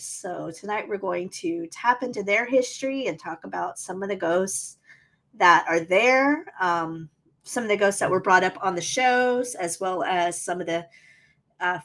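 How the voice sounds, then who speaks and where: A woman's voice: fairly low pitch, a little slow, fairly bright tone. A woman co-hosting a casual podcast, chatting and telling stories. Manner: chatty, storytelling. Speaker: podcast co-host.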